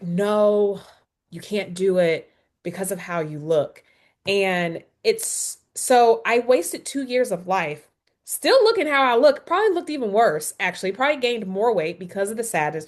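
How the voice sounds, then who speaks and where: A woman wellness professional hosting a webinar, speaking candidly and acting out dialogue, heard over a video call. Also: mid-range voice. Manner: candid, expressive, acts out dialogue. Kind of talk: casual webinar chat.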